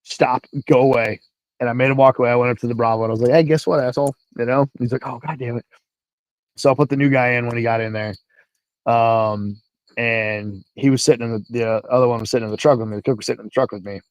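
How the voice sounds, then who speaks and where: A man recounts a deployment story in a loose, animated way, swearing freely and acting out both sides of the conversation. His voice sits at an ordinary pitch. The sound is dry and close. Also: very fast, clean tone, no echo, rough recording. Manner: animated, profane, acts out dialogue. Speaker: guest, military veteran. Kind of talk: casual storytelling.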